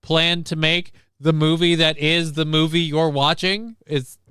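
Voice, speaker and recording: Smooth-voiced man rambling on a livestream. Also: on the high side, fairly even intonation, measured pace, pushed and bright, no room sound, studio quality. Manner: rambling, repeats and restarts words. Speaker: streamer host. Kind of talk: casual livestream chat.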